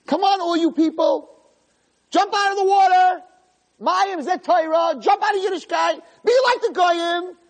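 A man voicing a male devil spirit who coaxes and yells at people to leave their faith. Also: very high voice, unhurried, long reverb tail, pitched above the performer's own voice. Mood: goading. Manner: coaxing, urgent, yelling.

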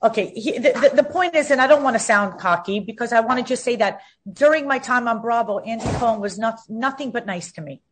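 A woman's voice: a little high, fast talker, few pauses, slight background noise. Emphatic fifties woman, combative guest. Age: 50s. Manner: emphatic, combative, repeats words when heated. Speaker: interview guest. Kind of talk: outspoken interview talk.

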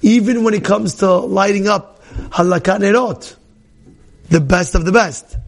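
A man teaching as a rabbi in a lively Torah class, repeating his points and acting out the people in his stories. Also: high voice, measured pace. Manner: animated, repeats phrases, acts out quoted people.

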